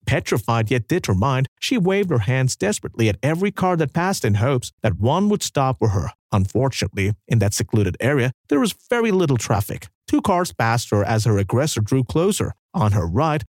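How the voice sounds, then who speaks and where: A man narrating a scripted dramatic story with an expressive delivery. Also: mid-range voice, dry recording, clean studio sound.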